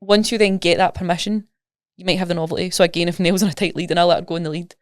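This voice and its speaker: A woman's voice: lowish voice, steady tone, rapid-fire, dry recording, clean studio sound. A woman with a Scottish accent, a coach talking casually and animatedly in a podcast interview, explaining with everyday examples. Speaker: nutrition coach, guest.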